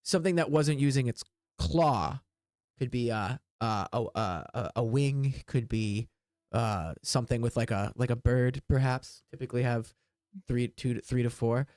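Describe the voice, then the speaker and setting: A game master puts on a gruff male wood elf tracker for a tabletop game, his voice pushed low and his words slow and halting as he muses over tracks. The sound is close and dry. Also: darkish tone, no room sound, natural voice. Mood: musing.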